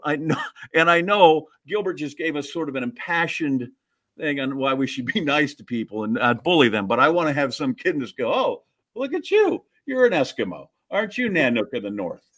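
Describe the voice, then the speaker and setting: A middle-aged man from Wisconsin, co-hosting a podcast and telling a childhood story in an animated, mock-indignant, self-mocking way. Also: a little high. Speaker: podcast co-host. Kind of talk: casual storytelling chat.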